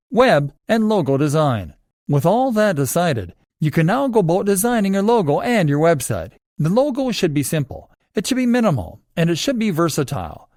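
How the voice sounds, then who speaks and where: A man reading scripted instructional narration for a course, in a steady, instructive manner that leans on key points. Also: on the high side, no echo, clean studio sound.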